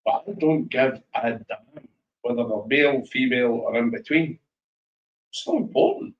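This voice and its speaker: A Scottish man spinning animated anecdotes at a live whisky tasting, slipping into voices to act out his stories. He sits some way from the mic, and the room rings around him. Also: medium pitch, normal speed, echoey room, far from the mic, highs cut off. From Scotland. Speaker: whisky guest speaker. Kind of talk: live storytelling chat at a tasting.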